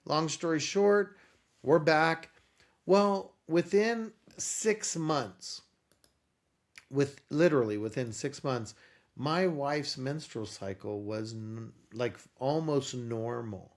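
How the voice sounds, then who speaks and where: With a fairly high pitch and a slow delivery, this man shares a personal story as an interview guest. The company founder gets animated, performing the quoted dialogue of the people involved.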